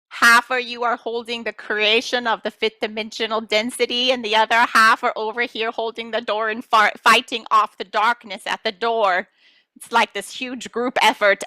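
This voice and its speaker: A woman's voice: fairly high pitch, dry recording. A woman channeling a playful collective of star beings who teases and reassures listeners, calling them children. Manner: addresses listeners as children, gently scolding. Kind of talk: channeling session.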